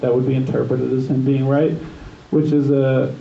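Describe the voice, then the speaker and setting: A man's voice: mid-range voice, flat delivery, moderate pace, vocal fry. A man doing stand-up at an open mic, telling a rambling, profane story full of restarts and lost threads. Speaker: stand-up comedian. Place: open mic night in a gym bar. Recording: echoey, distant, dull live room recording.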